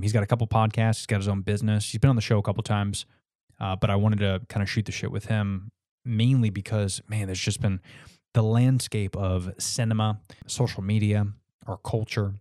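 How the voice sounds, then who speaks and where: A man's voice: lowish voice, fairly even intonation, normal speed, darkish tone, dry recording, clean studio sound. A man hosting his podcast in casual chat, laid-back, with lots of fillers and swearing. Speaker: podcast host.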